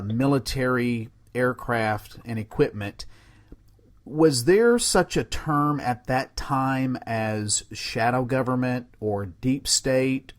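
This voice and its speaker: A man hosting a podcast interview, asking questions and explaining his thoughts at length in a measured way. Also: mid-range voice. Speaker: podcast host.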